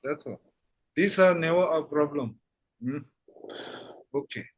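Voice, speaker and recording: Slow, patient male language teacher. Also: a little high, breathy edge, dull audio. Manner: patient, repeats "okay?" often. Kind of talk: online language lesson.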